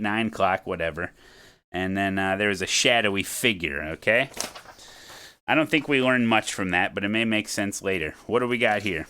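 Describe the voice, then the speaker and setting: A man streaming a murder mystery game, thinking aloud in an excitable, jokey way. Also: mid-range voice, clear, resonant tone. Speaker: streamer playing a detective game. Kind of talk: casual live-stream chat.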